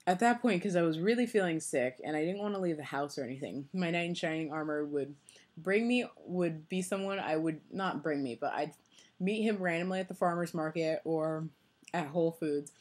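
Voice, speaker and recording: A woman's voice: deep voice, normal speed. Chatty young woman vlogging, rambling. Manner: rambling, chatty, many fillers and restarts. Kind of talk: casual vlog chat.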